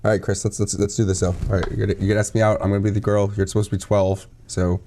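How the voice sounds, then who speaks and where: A young man co-hosting a casual podcast chat, playful and quick to explain things at length. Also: on the low side, little pitch movement, dark tone, a little hiss or hum. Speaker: co-host.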